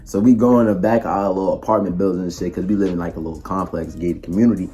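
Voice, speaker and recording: A young man, a podcast co-host, telling stories in fast, animated slang. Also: sits low. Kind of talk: casual storytelling chat.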